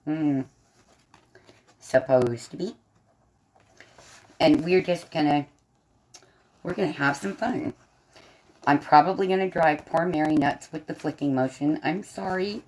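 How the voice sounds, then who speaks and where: A woman speaks a little slowly in a low, darkish voice with long pauses and a faint Southern American accent. As a livestream host and artist, she colors while propped up in bed, chatting with her audience, laughing often, and responding to chat.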